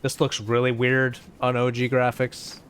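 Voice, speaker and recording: A man hosting a let's play, giving rambling, casual gameplay commentary full of swearing and excitable outbursts. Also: mid-range voice, unhurried, slight background noise. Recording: game music in background.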